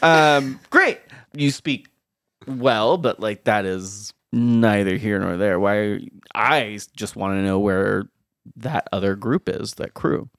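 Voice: mid-range voice, slow, a bit bright, no room sound, clean studio sound. A game master narrating a tabletop game in a loose, jokey way.

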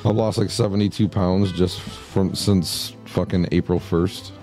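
A man co-hosting a podcast, talking in a laid-back, profane way with drawn-out pauses. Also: low-pitched, steady tone, warm tone, faint music behind. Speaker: podcast co-host. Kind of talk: casual chat.

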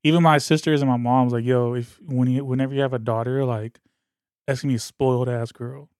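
A man's voice: mid-range voice, steady tone, fairly quick, a little mellow, no echo, clean studio sound. A young man co-hosting a podcast, talking in laid-back slang with frequent swearing and chuckles. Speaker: podcast co-host. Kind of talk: casual chat.

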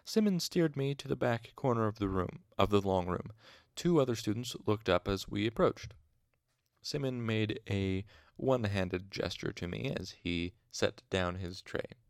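Casual fan reader, man, gravelly, chatty asides. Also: lowish voice, expressive, a little slow, dry recording, clean studio sound. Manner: chatty asides, fixing pronunciations. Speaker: audiobook reader. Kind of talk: casual fan audiobook reading.

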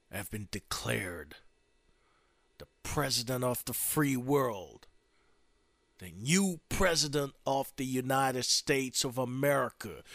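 A man doing stand-up storytelling, profane, with a drawn-out delivery. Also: medium pitch, vocal fry, a bit bright, no room sound. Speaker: comedian.

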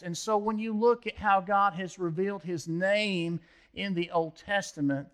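A man's voice: high voice, steady tone, a little slow, fairly bright tone. A male pastor teaching a sermon, reading scripture aloud with rising emphasis and asking the congregation to fill in words.

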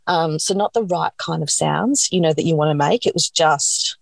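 A woman's voice: low-pitched, moderate pace, vocal fry, dry recording. A woman, a podcast guest, telling a personal story candidly and animatedly, acting out what people said and saying "like" a lot. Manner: animated, acts out quoted dialogue, frequent "like".

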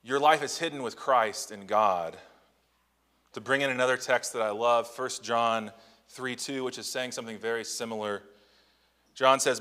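A man preaching a sermon in a church on a Sunday morning, talking conversationally and asking rhetorical questions, slowing down to stress key phrases. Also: medium pitch, sharp tone, big-room sound. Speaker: pastor. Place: church sanctuary.

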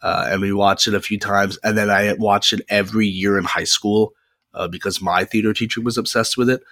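A young man in his twenties, speaking on the lower side, hosts a solo podcast in a loose, chatty way. He rambles and pauses often as he talks close to his microphone. The sound is dry and close, with no room echo. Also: flat delivery, sharp tone. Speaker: podcast host. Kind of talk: casual solo podcast monologue. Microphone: close podcast mic.

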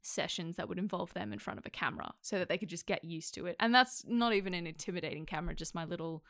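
A woman who teaches acting, chatting casually and telling animated stories with frequent laughs. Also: fairly low pitch, fast, gravelly, dry recording, studio quality. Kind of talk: casual chat.

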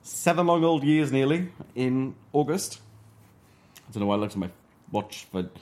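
A man's voice: medium pitch, lively intonation, normal speed, a little mellow. A man from Wales co-hosting a podcast, chatting in a laid-back way and swearing freely. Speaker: podcast co-host. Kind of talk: casual chat.

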